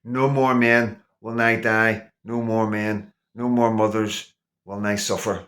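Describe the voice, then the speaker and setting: A man's voice: lowish voice, little pitch movement, slow pace, fairly bright tone. Indignant ranting man vlogger. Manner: indignant, sarcastic, repetitive. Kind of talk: ranting political monologue.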